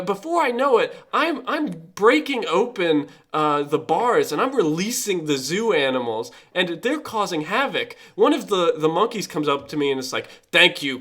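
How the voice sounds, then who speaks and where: A man's voice: sits high, fairly bright tone. A young man streaming improv comedy, rambling through an absurd story with stammering restarts.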